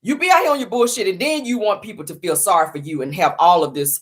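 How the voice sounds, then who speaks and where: A middle-aged woman dishing celebrity gossip in a sassy, sarcastic way. Her pitch rises and falls widely as she stretches words for dramatic effect. Her voice sits at an average height for a woman. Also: wildly swooping pitch, a bit bright. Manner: sarcastic, dramatic, drawn-out emphatic delivery. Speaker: host.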